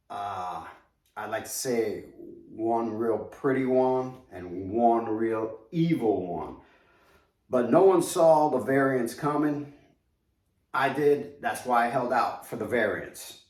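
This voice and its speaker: A man's voice: mid-range voice, a little slow, a little mellow, recorded from a distance. A man with a New York accent hosting a casual collectibles unboxing video, chatty and hyping his reveals straight to viewers. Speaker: collectibles reviewer. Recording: echoey room, voice a bit off-mic.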